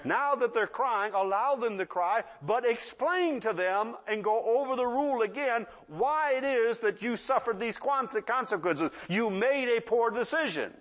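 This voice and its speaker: An older man in his sixties delivers a sermon in a relaxed, conversational style, with a fairly high-pitched voice. He keeps checking in with his listeners and slips into children's voices to make his points. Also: normal speed. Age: 60s. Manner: conversational, often asks the audience "yeah?"; acts out children's voices in asides. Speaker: preacher.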